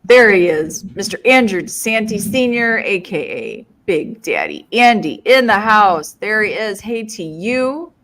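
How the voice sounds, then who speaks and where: A woman's voice: mid-range voice, sing-song, unhurried, few pauses, a bit bright. A woman co-hosting a casual live stream, bubbly and upbeat as she greets viewers by name and plugs their shows. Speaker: co-host of a live paranormal network show.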